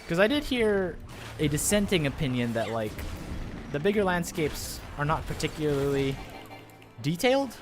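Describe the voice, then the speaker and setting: A man's voice: a little high, big pitch swings, normal speed. Young guy streaming a game, chatty and rambly, bit of music in the back. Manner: chatty, rambling, self-deprecating. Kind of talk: casual live-stream chat.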